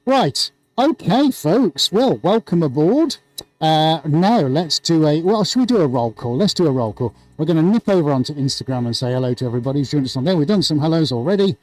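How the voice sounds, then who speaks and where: A man's voice: on the high side, expressive, brisk, a little mellow. A man hosting a live art stream from his studio, chirpy and jokey, with music playing behind.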